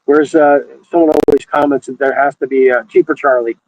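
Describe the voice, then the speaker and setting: A man's voice: medium pitch, steady tone, no room sound, rough recording. A man co-hosting a casual talk show, swearing and stumbling over his words as he tells a story. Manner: profane, halting, repeats his words. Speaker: podcast co-host. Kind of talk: casual banter.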